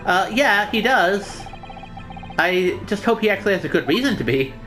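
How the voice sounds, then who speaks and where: A woman's voice: medium pitch, expressive, normal speed, a bit bright, faint music behind. A woman giving casual, baffled commentary on a game she is playing, swearing freely. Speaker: let's play host.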